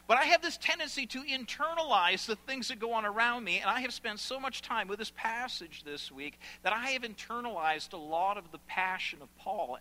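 A man's voice: high voice, animated, normal speed, hardly any pauses, pushed and bright, low-quality recording. A middle-aged man, a pastor, preaching a sermon in a church auditorium with earnest, passionate emphasis.

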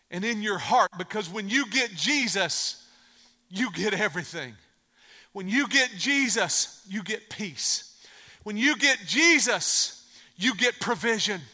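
A man's voice: high voice, expressive, takes it slowly, sharp tone. A man preaching a sermon, telling a story and stressing his points through repetition. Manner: emphatic, repeats phrases for effect. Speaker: pastor. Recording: long reverb of a large hall.

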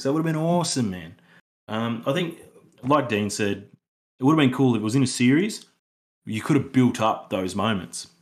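A man's voice: mid-range voice, animated, moderate pace. A man, co-hosting a podcast in casual film review chat, rambling with lots of fillers and restarts. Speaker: podcast co-host.

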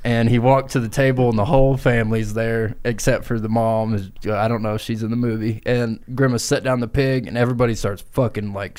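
A man's voice: medium pitch, a little mellow, clear, resonant tone. Crude rambling comedy podcaster, man. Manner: rambling, crude, giggling asides. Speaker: podcast co-host. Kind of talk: improvised comedy storytelling.

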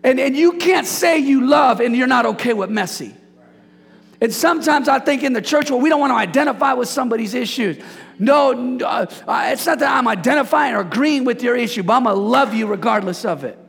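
Pastor, male, high and husky with gravel, animated preacher, echo of a big church hall. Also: brisk. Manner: animated, preachy, jokes with congregation. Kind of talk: sermon. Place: church sanctuary. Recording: hall reverb.

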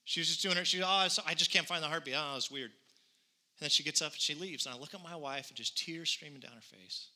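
A man's voice: on the high side, fast, sharp tone. A man in his thirties preaching a sermon, telling a personal story earnestly and building to conviction. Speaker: pastor.

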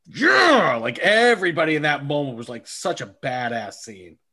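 A man in casual podcast talk about movies, his voice sitting a little high. He is animated and swears often. He acts out scenes as he talks and restarts his sentences a lot. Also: moderate pace. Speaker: podcast co-host. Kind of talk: casual chat about films.

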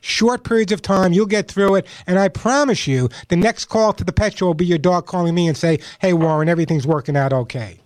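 A man's voice: sits high, a little fast, few pauses, no room sound. A man hosting a call-in radio show about pets, giving emphatic advice and repeating his points. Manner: emphatic, repeats points, puts on dog voices for jokes. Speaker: radio pet show host.

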